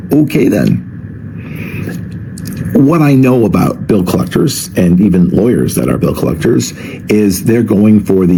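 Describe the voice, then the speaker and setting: A man's voice: on the low side, vocal fry, warm tone, slight background noise, rough recording. A man vlogger telling a story in a casual, wry, chatty way.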